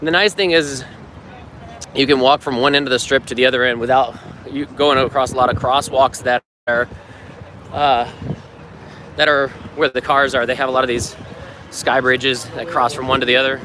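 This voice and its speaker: Easygoing male vlogger from the US narrating a walking tour on a phone, city noise clear behind. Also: medium pitch, steady tone, moderate pace. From United States. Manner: chatty, easygoing, laughs often. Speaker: vlogger and circus performer. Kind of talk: live-stream walking tour. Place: outdoors on a city street. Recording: outdoor street noise.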